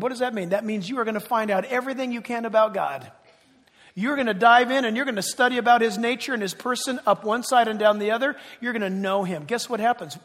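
A man's voice: high voice, fast, fairly bright tone. A man preaching a sermon as pastor, emphatic, prompting the congregation to repeat words back. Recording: long reverb of a large hall.

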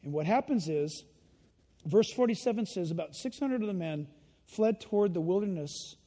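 A high-voiced male pastor preaching in an animated way, slipping into children's voices and chuckling along. His voice rings out in a church with a long hall reverb. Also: moderate pace. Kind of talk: sermon.

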